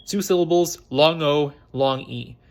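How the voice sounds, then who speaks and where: A man reading the lines of a quick-witted young college woman in a novel, with a playful, teasing delivery. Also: a little high. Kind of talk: read-aloud novel dialogue.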